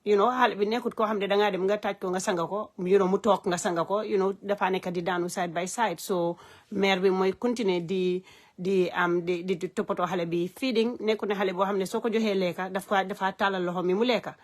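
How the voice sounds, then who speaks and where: A woman speaks straight into her phone on a live stream. Her voice sits at an ordinary mid pitch. She is earnest and heartfelt, and she fills her halting phrases with "um" as she moves between languages. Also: steady tone. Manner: hesitant, many "um" fillers, mixing languages. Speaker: live-stream host and advocate. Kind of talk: unscripted live-stream talk.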